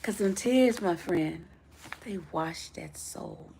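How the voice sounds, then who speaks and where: A woman's voice: on the low side, slow pace, creaky, warm tone, slight background noise. A woman life coach giving a motivational live talk to her viewers, affectionate and preacher-like in her encouragement.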